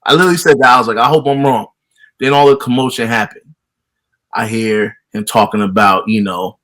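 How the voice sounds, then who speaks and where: A man's voice: medium pitch, fairly even intonation, fairly quick, a bit bright. A man co-hosting a boxing talk show, chatting in a laid-back storytelling way. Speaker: boxing podcast co-host. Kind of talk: casual chat.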